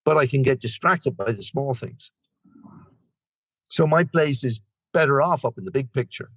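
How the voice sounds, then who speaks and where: A man's voice: mid-range voice, animated, moderate pace, slightly rough, no echo. An Irish man in his sixties, sharing his recovery story at a meeting in a rambling, self-deprecating way. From Ireland. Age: 60s. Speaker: guest speaker.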